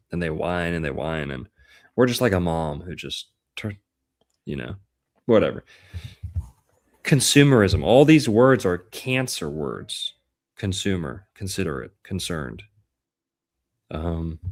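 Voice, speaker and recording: A man hosting a casual podcast chat about astrology, playful and punning, stretching out words for emphasis. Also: sits low. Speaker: podcast host.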